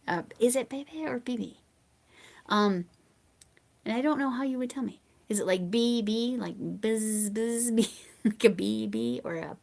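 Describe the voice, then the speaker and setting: An American woman hosting a livestream, chatting casually with viewers and reading their comments. She rambles and drifts into soft mumbled asides. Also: fairly high pitch. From United States. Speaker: livestream host.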